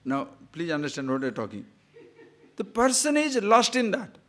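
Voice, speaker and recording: A man teaches in a lively spiritual talk, his voice sitting a little high for a man and swinging up on emphatic questions. He breaks into stories and jokes, laughs at them himself, and now and then recites Sanskrit verses. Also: moderate pace. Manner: animated storytelling, laughs at own jokes, rising emphatic questions.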